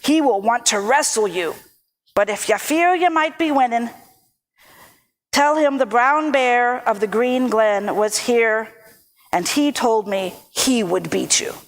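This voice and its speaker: A woman voicing a big, steady, helpful male brown bear in a told folk tale. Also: on the high side, takes it slowly.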